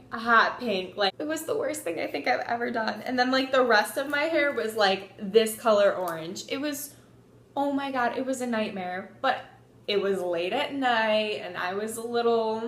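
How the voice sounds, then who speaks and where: A young woman telling a story in a casual vlog, animated, swearing freely and saying "like" a lot. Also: on the high side, roomy sound. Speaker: vlogger.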